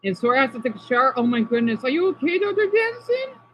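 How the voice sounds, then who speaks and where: Streamer woman, high and bouncy voice, chatty, slightly dull recording with faint hiss. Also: sing-song, quick pace. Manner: chatty, talks to viewers by name, sounds out words. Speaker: livestreamer reading chat. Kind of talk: casual live-stream chat.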